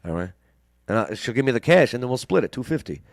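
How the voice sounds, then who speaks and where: A man's voice: medium pitch, very animated, fast talker, vocal fry, no echo, studio quality. A man hosting a casual chat, joking and sarcastic. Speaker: host.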